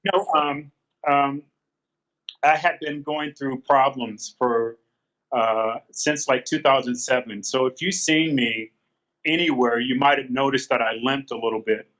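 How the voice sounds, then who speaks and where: An earnest man in his fifties talks at an easy middle pitch, rambling through his story with plenty of fillers and halting restarts. The sound is dull and lo-fi, with the top end rolled off. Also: a bit bright. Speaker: guest, former pro bodybuilder. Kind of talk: casual interview storytelling.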